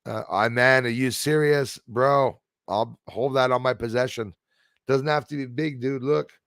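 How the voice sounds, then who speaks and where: Gravelly, rambling livestream host. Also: male voice, medium pitch, a little slow, dry recording, clean studio sound. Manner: rambling, excitable, answers viewer chat aloud. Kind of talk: casual livestream chat.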